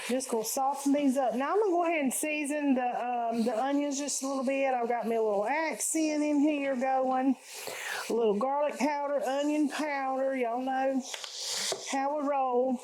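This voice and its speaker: A woman with a somewhat high voice chats her way through a recipe. Her talk is folksy and easygoing, and she calls her viewers y'all as she cooks. Faint background noise sits under her voice. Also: normal speed, darkish tone, poor audio. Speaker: home cooking host. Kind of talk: casual cooking tutorial. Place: home kitchen.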